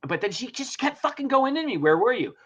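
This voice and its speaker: A man's voice: extremely high pitch, very animated, brisk. A middle-aged man hosting a casual talk show, telling a story animatedly, acting out dialogue and swearing often. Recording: dull lo-fi sound.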